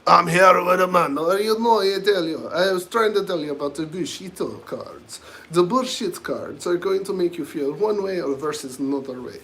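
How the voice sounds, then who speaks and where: A man putting on a mock Russian accent as a gruff, pushy mobster, loud and blustering. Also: sits high, expressive, normal speed. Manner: loud, blustering, broken phrasing.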